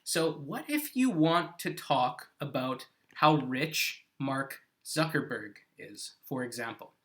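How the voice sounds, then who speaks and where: Slow, bright-voiced male English teacher. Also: medium pitch, lively intonation. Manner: slow, patient explaining with frequent "okay?" checks. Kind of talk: live-streamed grammar lesson. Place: living on an island in South Korea.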